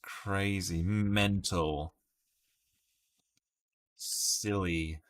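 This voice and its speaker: A man's voice: deep voice, fairly even intonation, extremely slow. An Australian man in casual live-stream chat, playfully musing through guesses and laughing often with his viewers. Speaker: streamer solving word puzzles live.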